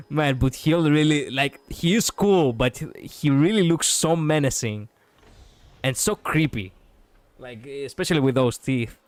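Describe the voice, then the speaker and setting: A man's voice: a little high, animated, takes it slowly, long pauses. Chatty man streaming a game. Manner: chatty, swears, laughs at the game. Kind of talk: casual game commentary.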